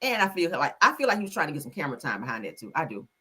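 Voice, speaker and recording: Sassy, animated woman gossip host. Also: low-pitched, racing, slightly rough. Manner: sassy, animated, acts out quotes in voices; swears freely, chatty slang. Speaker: celebrity gossip streamer. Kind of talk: casual commentary.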